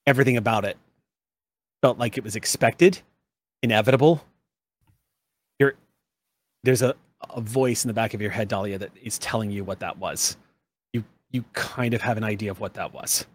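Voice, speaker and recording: A man narrating a tabletop role-playing game as game master, measured and explaining the scene and rules. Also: on the low side.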